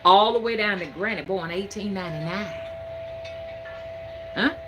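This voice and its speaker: A woman's voice: medium pitch, normal speed, background noise. A Southern woman over fifty, a spiritual reader, talking to camera in a folksy, emphatic, preaching cadence. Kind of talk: casual talk to camera.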